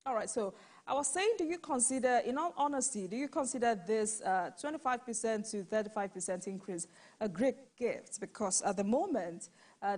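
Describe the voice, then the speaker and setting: A woman's voice: mid-range voice, a little mellow. A woman anchoring a live TV news interview, pressing her guest with pointed questions.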